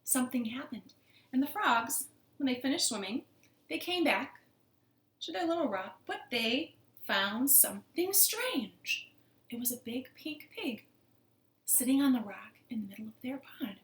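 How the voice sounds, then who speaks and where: Speaking at a moderate pace with a fairly high voice, a woman librarian reads a picture book to children in her living room, where the sound is roomy. She keeps it playful and animated, putting questions to the kids.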